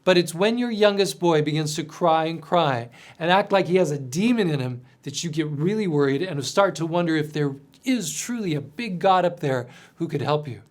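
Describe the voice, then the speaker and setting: Male storyteller, slightly high voice, earnest scripted second-person narration, soft dramatic drops. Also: expressive, normal speed, hardly any pauses. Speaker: mission storyteller.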